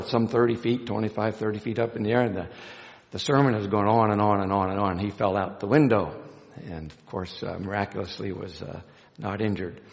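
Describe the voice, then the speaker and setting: Pastor preaching in a reverberant church. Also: male voice, fairly low pitch, vocal fry, lo-fi sound. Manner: storytelling, acts out quoted lines with a raised voice; hesitant restarts with uh. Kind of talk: scripture reading and sermon. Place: church sanctuary. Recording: long reverb of a church hall.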